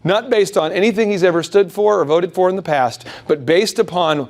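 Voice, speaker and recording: A man hosting a business workshop, giving an animated motivational sales lecture to a live audience, peppered with rhetorical questions and self-deprecating jokes. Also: high voice, a little fast.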